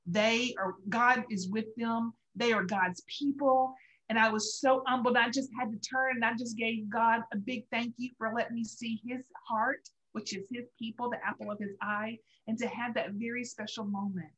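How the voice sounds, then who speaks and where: A woman's voice: fairly high pitch, fairly even intonation, normal speed, fairly bright tone, muffled recording. A middle-aged woman co-hosting a faith talk show, telling a personal story in an earnest, emotional way. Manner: earnest storytelling, emotional, laughing through tears at moments. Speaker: co-host sharing a personal story.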